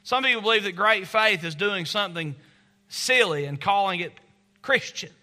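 A man's voice: sits high, animated, normal speed, bright, forceful tone. A middle-aged man preaching a sermon, telling stories and acting out quoted voices. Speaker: pastor.

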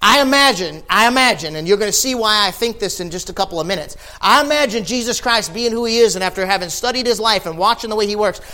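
A man preaching a sermon, building from quiet explanation to impassioned, near-shouted emphasis. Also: sits high, animated, fast talker, few pauses.

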